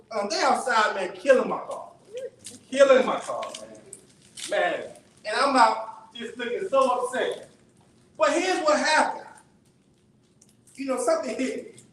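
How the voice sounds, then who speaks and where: A man with a high voice tells a story from the pulpit in an easy, conversational way, checking in with his listeners often. He is heard from a distance in a very echoey church sanctuary. A faint hiss sits under the recording. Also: animated, measured pace, long pauses, a bit bright. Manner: conversational, asks the audience "right?" often. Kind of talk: sermon-style storytelling.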